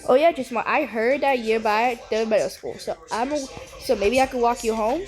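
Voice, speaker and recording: A teenage girl chatting in a casual vlog and reacting loudly while she plays a game, excitable and teasing. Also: on the high side. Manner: excitable, teasing, quick to shout. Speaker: vlogger. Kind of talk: casual vlog chat and gaming commentary. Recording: loud music under the voice. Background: loud music.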